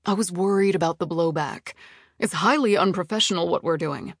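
A woman's voice: fairly low pitch, fairly quick, dry recording. Brief: woman reading a patronizing male TV boss, impatient and defensive, dry close audiobook sound. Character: smooth, impatient male TV executive boyfriend.

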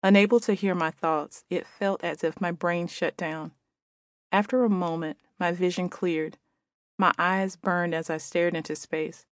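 Gentle woman reading her own book aloud. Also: on the low side, fairly even intonation, a little slow, dry recording, clean studio sound. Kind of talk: audiobook narration.

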